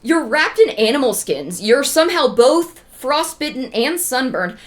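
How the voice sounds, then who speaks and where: A woman's voice: high-pitched, very animated, measured pace, voice pushed up. A woman playing a skeptical goddess innkeeper. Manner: skeptical, questioning. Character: wary young goddess tavern keeper, woman. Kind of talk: casual storytelling with acted quotes.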